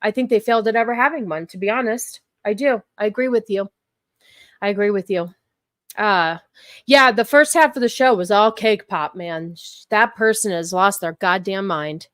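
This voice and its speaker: A woman's voice: mid-range voice, normal speed, fairly bright tone, no echo, studio quality. A woman hosting a casual livestream, chatting with viewers and repeating herself with lots of fillers. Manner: talks back to chat, many fillers and repeats. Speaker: livestream host.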